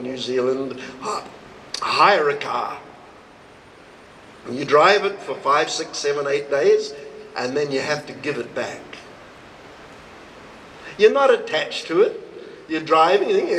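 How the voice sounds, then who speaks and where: A man, a swami, giving a devotional talk to a live audience, telling stories slowly and acting out the dialogue. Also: a little hiss or hum, poor audio. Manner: slow, storytelling, acts out dialogue with expressive rises in pitch. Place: retreat hall, recorded live.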